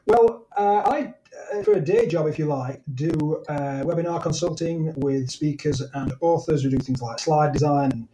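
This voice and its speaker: A man's voice: a little high, moderate pace, background noise. A man from Sheffield in the north of England, a podcast guest chatting casually and telling stories with many restarts. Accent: Sheffield English. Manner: rambling, self-correcting storyteller. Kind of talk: casual interview chat.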